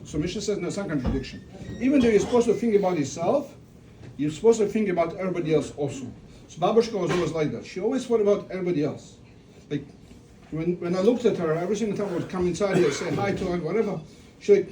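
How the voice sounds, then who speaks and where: Here a family member from Russia delivers a eulogy as a casual religious talk, telling stories, restarting sentences and posing rhetorical questions. His voice sits high and he speaks at a quick, animated pace. Faint room noise comes through the distant microphone.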